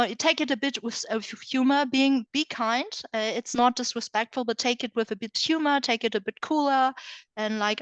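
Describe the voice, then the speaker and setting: A woman guest in an interview, speaking candidly in a halting way, often repeating words as she searches for them. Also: a little high, a bit bright, no echo.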